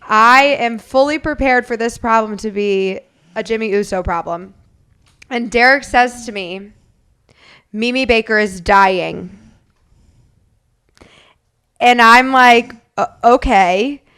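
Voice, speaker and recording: Bright-voiced woman telling a lively story. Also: a little high, slow, pauses often, clear, resonant tone. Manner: lively anecdotal storytelling, acting out quotes. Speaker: podcast co-host. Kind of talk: casual storytelling chat.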